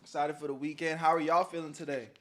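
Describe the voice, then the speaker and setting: Young man, streamer, casual chat, slightly high voice, joking banter. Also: level tone, quick pace. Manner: loose, joking banter with chat, swings between loud and mumbled.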